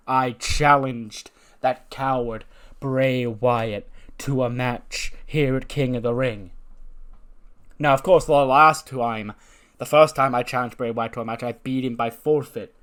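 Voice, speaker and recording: A man's voice: medium pitch, a bit bright, clean tone, lightly acted. A swaggering, boastful wrestler barks taunts at his rival, stretching out his words for effect, as a man puts him on. The voice stays close to an everyday male voice, in a middle range. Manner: cocky, taunting.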